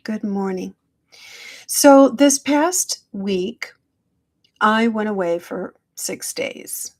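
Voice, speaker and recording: A middle-aged woman hosting a casual live-stream check-in, speaking slowly and gently to her viewers through a phone. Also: mid-range voice, animated. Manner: slow, gentle, affectionate, greets viewers by name. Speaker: hypnotherapist livestream host.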